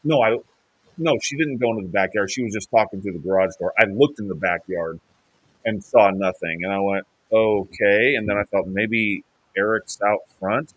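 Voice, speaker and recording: A man's voice: lowish voice, normal speed, dry recording. A man hosting a podcast, telling a story in a rambling, self-correcting way. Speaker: podcast host. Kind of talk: casual storytelling chat.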